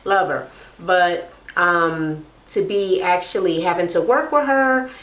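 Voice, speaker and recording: A woman's voice: fairly low pitch, takes it slowly, a bit bright, reverberant. A woman recapping a reality show in casual, blunt, profane chat, mimicking the people she talks about.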